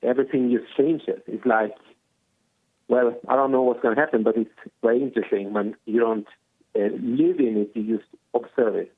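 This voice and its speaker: Male caller, halting and unsure; phone-line audio. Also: steady tone, slightly rough. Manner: hesitant, many fillers, pitch jumps up often. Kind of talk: phone-in chat.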